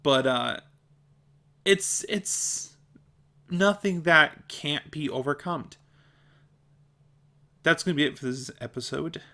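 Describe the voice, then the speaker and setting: A man's voice: a little high, slow pace, long pauses, pushed and bright. A man talking casually to camera in a vlog, often stumbling over and repeating words and laughing at his own slips. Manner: chatty and self-deprecating. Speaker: video creator.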